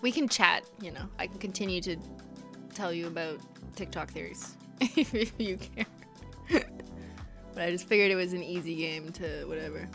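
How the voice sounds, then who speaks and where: A woman's voice: lowish voice, normal speed, creaky, pauses often, music in the background. A young woman chatting casually with her viewers while live-streaming a game, giggly and talkative. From Canada. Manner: chatty, giggly, talks to chat.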